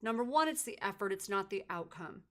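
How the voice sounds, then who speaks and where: A middle-aged woman hosting a podcast, chatting casually with her daughter and telling a lively family story. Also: medium pitch, a little fast. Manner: animated storytelling, mimics voices in anecdotes. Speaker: podcast host and mother. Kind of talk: casual conversation.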